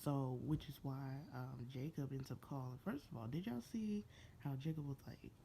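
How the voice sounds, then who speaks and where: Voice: medium pitch, moderate pace, gravelly, dark tone, slight background noise. A person giving a casual, gossipy recap of a TV episode, slangy and playfully sassy, often breaking into laughter. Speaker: TV show reviewer.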